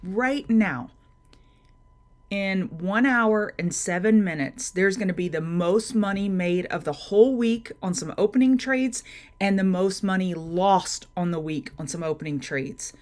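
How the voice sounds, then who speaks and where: A woman's voice: mid-range voice, lively intonation, measured pace. A woman hosting a live market-prep stream, talking through charts and greeting viewers by name in a chatty way. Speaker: trading show host.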